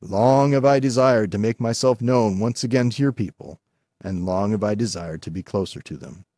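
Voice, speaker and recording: A man voicing an ancient half-beast god who speaks slowly, gently and solemnly. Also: on the low side, no echo, studio quality, natural voice.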